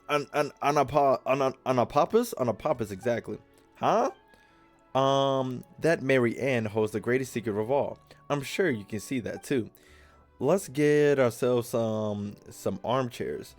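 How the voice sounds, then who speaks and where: Joking male gamer reading game dialogue. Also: mid-range voice. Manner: casual, jokey, stumbles over words and swears. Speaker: gaming video host. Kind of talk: reading game dialogue aloud while playing.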